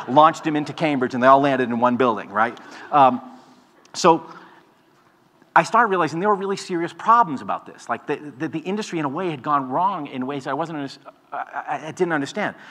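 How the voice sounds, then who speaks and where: A man in his forties, an author giving a storytelling talk, wry and animated, mocking the voices he quotes. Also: fairly high pitch. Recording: long hall reverb.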